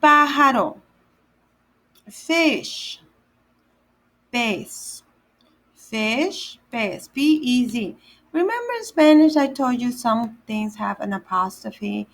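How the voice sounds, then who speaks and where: This day camp Spanish teacher sounds very animated, with a gravelly voice on the high side, and the recording is rough. Working through a kids' vocabulary lesson, she slowly repeats each word and then spells it letter by letter.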